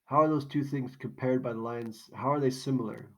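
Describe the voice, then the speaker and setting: A man walks through a poem in a recorded lesson. He talks casually, poses questions and then answers them himself, at a middle pitch. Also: steady tone, fairly quick, fairly bright tone, low-quality recording. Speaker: teacher. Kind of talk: recorded classroom lesson walkthrough.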